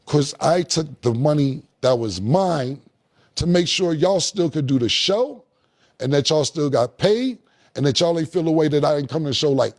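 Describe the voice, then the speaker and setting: Gravelly man telling a story. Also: on the high side, expressive, normal speed, darkish tone. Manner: acts out quoted dialogue in a laid-back drawl. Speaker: podcast guest. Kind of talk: casual storytelling interview.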